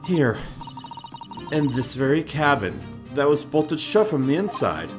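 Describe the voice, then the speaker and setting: Man reading as a formal young woman assistant, stern and earnest, lively pitch, game music behind. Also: unhurried. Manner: stiff formal phrasing, accusing.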